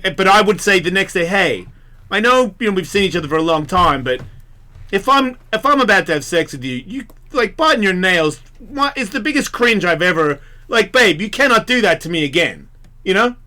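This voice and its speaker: A man's voice: high-pitched, lively intonation, brisk, bright, forceful tone. Profane, rambling male radio host. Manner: rambling, profane, laughs through his own story. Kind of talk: crude comic storytelling on talk radio. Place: radio studio. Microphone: studio microphone.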